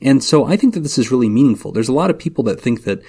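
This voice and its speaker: A man co-hosting a casual podcast as a therapist, talking in a lively, animated way with jokey asides. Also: mid-range voice, rapid-fire, breathy edge. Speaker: therapist co-host.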